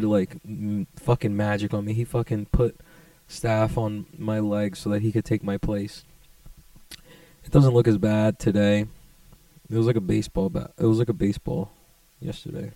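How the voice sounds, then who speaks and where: A young man rambling in a casual, profane vlog monologue, laid-back but jumping to excited bursts. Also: mid-range voice, no room sound, recorded from a distance. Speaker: vlogger.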